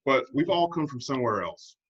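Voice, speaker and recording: A man's voice: mid-range voice, very animated, a little fast, husky, muffled recording. An American man co-hosting a podcast, talking in a reflective, wry way and acting out other people in a raised voice. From United States. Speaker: podcast co-host. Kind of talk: casual conversation.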